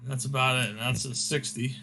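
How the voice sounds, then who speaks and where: A man's voice: mid-range voice, steady tone, moderate pace, vocal fry, background noise. A man hosting a casual game recap, rambling with fillers as he scores each segment. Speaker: host.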